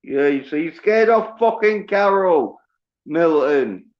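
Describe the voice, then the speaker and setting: A man's voice: fairly high pitch, lively intonation, slow pace, highs cut off. A man on a casual livestream, teasing and swearing freely. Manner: profane, teasing. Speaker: livestream guest.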